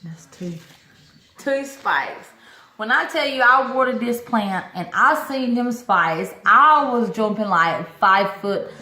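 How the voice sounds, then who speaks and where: A woman chatting excitedly to camera about her orchids, talkative, with lots of exclamations. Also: on the high side, slow pace, roomy sound. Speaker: orchid-growing vlogger. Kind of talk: casual chat to camera.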